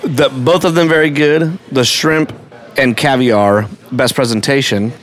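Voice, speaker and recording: A man's voice: medium pitch, a little slow, faint music behind. Playful man reviewing tacos outdoors. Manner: playful, jokey, narrates what others do. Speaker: co-host of a food review show. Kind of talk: casual food-tasting chat.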